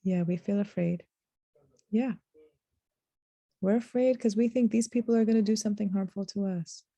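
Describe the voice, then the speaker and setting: A female Quran teacher delivers a reflective religious lesson in earnest, slowing down to stress key words and reciting short Arabic verses. Her mid-range voice is mellow and steady in tone, with no echo.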